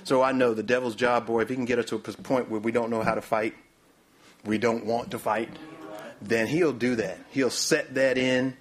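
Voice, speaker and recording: A man's voice: mid-range voice, fairly even intonation, moderate pace. A man preaching a sermon in a mid-range voice, often repeating "my, my, my." He calls for the next slide while he speaks.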